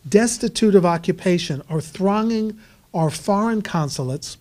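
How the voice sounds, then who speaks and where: A man's voice: a little high, mellow. A man giving a conversational history talk, with wry asides and frequent fillers. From United States. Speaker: author and historian speaker. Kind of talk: lecture storytelling.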